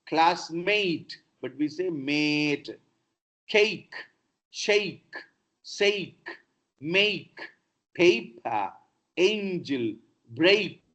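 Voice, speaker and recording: A man with an Indian English accent, a professor teaching pronunciation in an online lecture, slowly modelling word after word. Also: a little high, fairly bright tone. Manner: slow, deliberate modelling of sounds. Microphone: computer mic on a video call. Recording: dull lo-fi video call audio.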